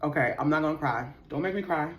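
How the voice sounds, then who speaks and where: This tarot reader speaks quickly in a voice that sits low. Her reading is laid-back, loaded with slang and swearing, and delivered with lots of feeling and frequent laughter as she addresses viewers as y'all and sis.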